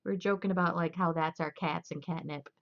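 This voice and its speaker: A young woman with a lowish voice chats on a live stream and rambles through stories with easy laughs. The audio is dull and lo-fi. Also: fairly even intonation, fairly quick, gravelly. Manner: chatty, laughing, loose storytelling. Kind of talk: casual chat.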